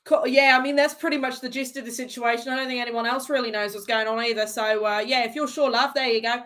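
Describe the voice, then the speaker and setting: A woman's voice: a little high, steady tone, fast talker, a bit bright. Easygoing woman player. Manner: easygoing, many fillers. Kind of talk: casual tabletop game chat.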